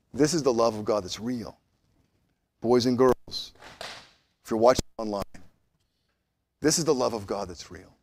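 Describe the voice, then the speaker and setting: A man preaching a sermon as pastor of a church, swinging between loud emphatic rises and quiet, low passages, closing in prayer. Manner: animated, rising loud on emphasis, dropping soft and low.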